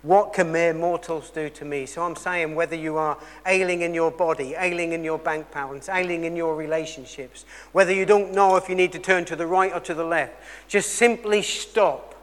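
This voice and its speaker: High male preacher, earnest sermon storyteller, swings between loud and hushed, long church reverb. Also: steady tone, normal speed. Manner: earnest storytelling, shifting between loud emphasis and quiet intensity.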